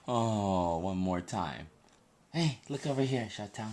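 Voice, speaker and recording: A father at home at night, talking baby talk to his infant in a gentle, coaxing way and repeating short questions. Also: lowish voice, animated, slow. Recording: noisy home video.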